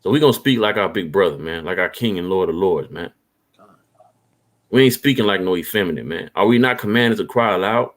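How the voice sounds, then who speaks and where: With a low-pitched voice and lively intonation, a man preaches on the street, reading the verses slowly. Rhetorical questions fill his talk, and he tags his lines with "man."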